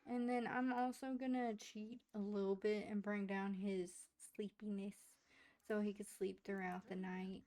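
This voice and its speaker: Slow-talking woman narrating her game. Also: mid-range voice, little pitch movement, darkish tone. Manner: chatty, talks to her game characters. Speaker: gaming streamer. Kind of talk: casual let's-play narration.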